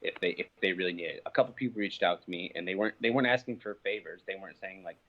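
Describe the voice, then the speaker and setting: A man's voice: low-pitched, racing, highs cut off. A young man being interviewed, telling an angry story full of swearing and fillers. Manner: heated, profane storytelling with many fillers. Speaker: interview guest, professional fighter. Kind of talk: casual phone interview.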